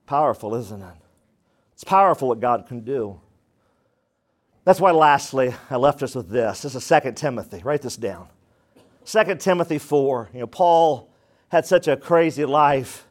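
A man preaching a sermon, emphatic and asking the congregation questions, swinging between loud declarations and quiet asides. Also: mid-range voice, animated, moderate pace. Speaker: pastor.

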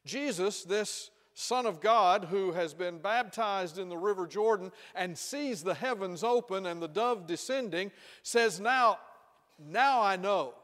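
Man preaching a slow sermon, church hall reverb. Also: high-pitched. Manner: storytelling, questioning the listeners.

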